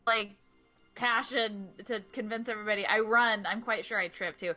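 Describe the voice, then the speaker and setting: Bright, giggly woman player. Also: a little high, moderate pace, soft background music. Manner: giggly, chatty, lots of likes. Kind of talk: casual tabletop play.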